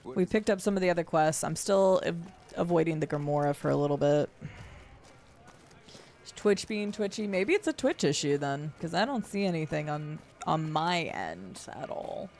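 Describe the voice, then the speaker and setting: A woman's voice: deep voice, lively intonation, normal speed, darkish tone, slight background noise. A woman streaming a game, chatting casually and reading dialogue choices aloud. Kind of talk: casual gameplay chat.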